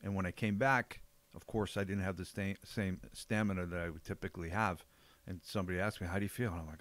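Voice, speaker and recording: An older man with a fairly low voice talks through a casual podcast chat. He tells stories with blunt, emphatic punch. The sound is close and dry. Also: quick pace, a bit bright, no echo. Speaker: podcast co-host, jiu-jitsu coach.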